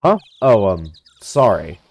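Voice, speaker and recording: Brief: man voicing a dry, exasperated lawyer, animated pitch. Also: slow, creaky, heavily acted. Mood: wry. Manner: dry and sarcastic. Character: wry, easily exasperated young male lawyer. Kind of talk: fan dub of a game.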